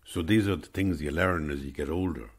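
A man's voice: extremely low pitch, a little fast, slightly rough. An older Irish man telling a rambling, reflective story. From Ireland. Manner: reflective, digressive.

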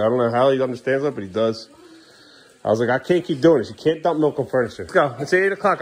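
A man filming a casual home vlog as a father, talking in an exasperated, rambling way and scolding his kids in the living room. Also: mid-range voice.

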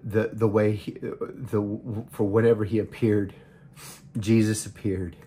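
Man, preacher type, emotional testimony, near tears, halting delivery, faint hiss behind. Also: on the low side, level tone, mellow. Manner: choked up, halting, restarts often. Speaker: preacher sharing a vision.

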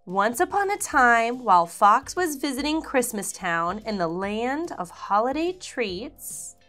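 Bright, lively kids' storyteller woman, high voice, faint music under her. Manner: animated, expressive, sing-song. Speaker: children's storyteller. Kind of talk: read-aloud for kids.

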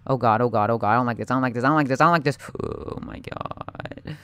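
A young man giving live gameplay commentary, excitable and panicky, talking straight to his viewers. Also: medium pitch, racing, clean tone, dry recording. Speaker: gaming YouTuber.

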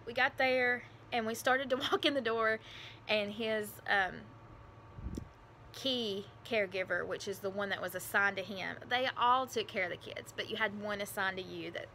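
A woman tells a personal story to her camera, her voice bright and forward. She talks in an emotional, rambling way, full of fillers and restarts. A faint hiss sits under the recording. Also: on the high side. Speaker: vlogger telling her adoption story.

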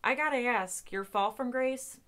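An actress playing a deadpan entertainment reporter who narrates and interviews in a mockumentary. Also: female voice, on the high side, a little slow. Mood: dry. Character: female entertainment reporter, dry and exasperated. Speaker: documentary interviewer.

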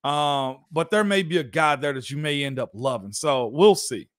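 A man's voice: a little high, moderate pace, a bit bright, dry recording, studio quality. A man hosting a casual sports talk show, loose and chatty, laughing often. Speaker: former NFL guard and show host.

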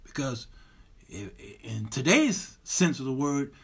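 A man's voice: mid-range voice, very animated, measured pace, slightly rough. A man hosting his own show, teaching from the Bible in a loose, folksy way and stacking repeated words as he builds a point. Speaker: show host and preacher.

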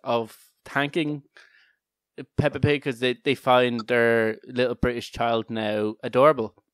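A man's voice: mid-range voice, level tone, unhurried, clear, resonant tone, dry recording, studio quality. A man co-hosting a podcast in casual chat, rambling with laughs and restarts. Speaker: podcast co-host.

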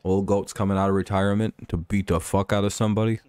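A man's voice: lowish voice, little pitch movement, quick pace, a little mellow, clear, resonant tone, no echo. A man hosting a live stream, giving casual, rambling reaction commentary on a football game and swearing often. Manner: laid-back, rambling, swears a lot.

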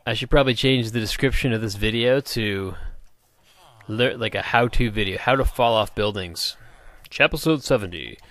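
A man's voice: fairly low pitch, normal speed, a bit bright. A man casually talking through a game he is playing, chatty and rambling, joking and calling out to the characters on screen. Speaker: gaming video host. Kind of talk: casual let's-play commentary.

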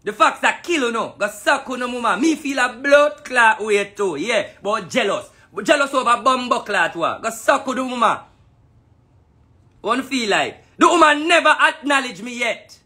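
Very high-pitched Jamaican man ranting. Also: expressive, moderate pace, pushed and bright, breathy edge. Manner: heated, profane, repetitive taunting in patois. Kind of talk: angry ranting monologue.

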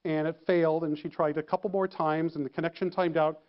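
A man telling a story to an audience, lively, acting out the phone calls he describes. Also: a little high, a little fast, smooth, highs cut off. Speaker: keynote speaker. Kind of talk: storytelling talk.

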